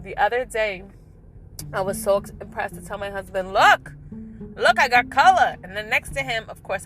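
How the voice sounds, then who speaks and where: A middle-aged woman chatting casually to camera in a vlog, talkative and laughing at herself with lively asides. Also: mid-range voice. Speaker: vlogger.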